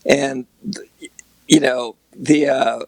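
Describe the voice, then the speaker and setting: A man's voice: mid-range voice, fairly even intonation, drawn-out words, vocal fry. A man, a guest photographer, telling a rambling anecdote in a casual podcast chat, with many fillers. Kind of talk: casual storytelling.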